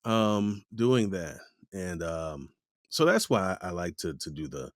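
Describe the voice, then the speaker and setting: A man's voice: low-pitched, a little slow, no room sound, studio quality. A man, a voice actor, chatting casually in an interview and acting out quoted voices as he talks. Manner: animated, acts out quoted voices. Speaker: voice actor guest.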